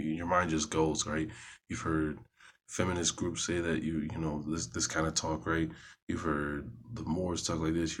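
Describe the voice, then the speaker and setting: A man reading scripture aloud in a halting way, correcting himself as he goes and adding casual comments. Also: a bass voice, a little hiss or hum. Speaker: Bible reader.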